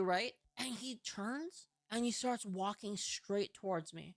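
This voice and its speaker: A woman's voice: mid-range voice, animated, unhurried, hardly any pauses, no room sound. A young woman from California telling a story in a casual vlog, ranting, full of fillers and swearing. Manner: profane, filler-heavy, ranting.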